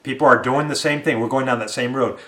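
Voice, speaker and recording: A man in his fifties delivers an impassioned end-times sermon, pressing each point with repetition and rising fervor. His voice sits at an ordinary middle pitch, and he hammers his warnings home. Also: steady tone, quick pace, fairly bright tone. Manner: fiery, emphatic, repetitive. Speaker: preacher.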